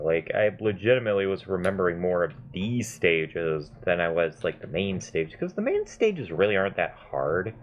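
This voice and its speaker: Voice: low voice, dull audio. A gamer in their mid twenties giving chatty, self-mocking gameplay commentary and swearing freely. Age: mid 20s. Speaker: gaming video host.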